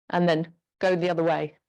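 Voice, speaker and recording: A woman leads an exercise class at home, talking through each move in a friendly, encouraging way. Her voice sits a little low for a woman. She speaks into a clip-on mic pack. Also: a little mellow, dull audio. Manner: encouraging, chatty cueing of moves. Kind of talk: live online exercise class instruction. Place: home room with a squeaky floor.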